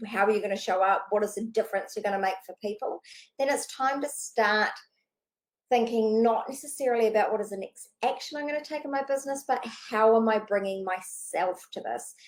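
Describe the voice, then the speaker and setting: Speaking off the cuff directly to camera, this female business coach is quick, animated, and casual, cursing freely. Her pitch is fairly high and the audio is poor.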